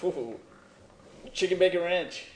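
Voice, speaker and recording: A man's voice: sits high, echoey room, rough recording. A man co-hosting a podcast in casual comedic banter, playful and teasing. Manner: playful, quick to laugh, teasing. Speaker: podcast co-host.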